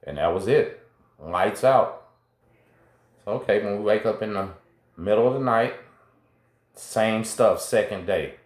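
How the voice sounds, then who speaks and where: A man's voice: fairly low pitch, a little mellow, echoey room. A middle-aged man, hosting and telling his own story in a casual, slangy way, talking straight to viewers. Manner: laid-back, slangy, talks straight to viewers. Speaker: host. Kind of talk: casual first-person storytelling.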